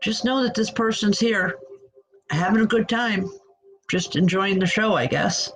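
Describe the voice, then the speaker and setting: Halting woman medium giving spirit readings. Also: medium pitch, poor audio. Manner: halting, stop-start delivery with many restarts. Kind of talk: live online spirit reading.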